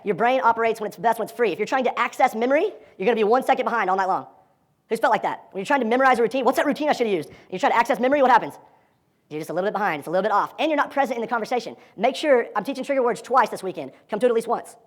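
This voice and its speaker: A man with a high-pitched voice leads a live dating seminar, energetic and profane, acting out quoted lines as he addresses his audience.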